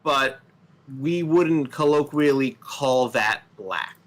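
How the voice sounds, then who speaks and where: A man from the United States co-hosting a casual political commentary show, explaining things in a measured way with frequent ums. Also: medium pitch. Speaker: podcast co-host.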